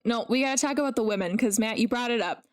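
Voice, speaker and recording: A woman co-hosting a casual film podcast, talking in an animated and opinionated way. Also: fairly high pitch, fast. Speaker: podcast co-host.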